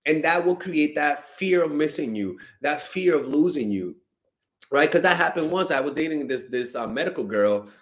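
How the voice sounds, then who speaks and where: A young man giving blunt, animated dating advice to fans in a casual stream, swearing freely and sounding exasperated. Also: a little high, moderate pace. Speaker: dating coach answering fan questions.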